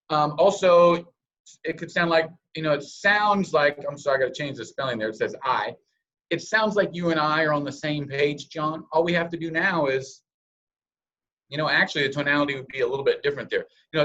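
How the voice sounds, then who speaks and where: A man's voice: fairly high pitch, fairly quick, bright, forceful tone, highs cut off. A man giving a sales training presentation over a call, coaching listeners and acting out example scripts in different tones.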